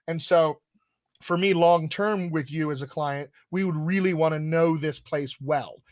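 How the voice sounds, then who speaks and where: A man's voice: a little high, measured pace, a little mellow, no room sound. A man with a General American accent, hosting a live question-and-answer chat as a dialect coach, enthusiastic and full of restarts.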